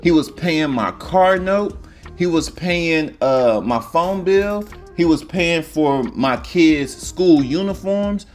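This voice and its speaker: A blunt young woman, as a male storyteller puts her on, pitched up high with a whiny edge. She rattles off her grievances flatly and without shame. Faint music hums behind. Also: slow pace. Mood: defensive. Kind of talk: comedic storytelling.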